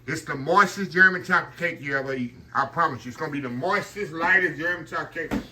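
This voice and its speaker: A fast-talking man with a fairly high, sharp-toned voice hosts a casual cooking demo in his kitchen. He's folksy and keeps the audience close, repeatedly calling them y'all.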